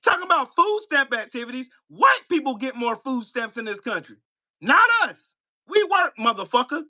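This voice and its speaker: A man's voice: extremely high pitch, very animated, normal speed, pushed and bright. A man hosting a live stream, taunting and trash-talking in a profane rant from his home setup.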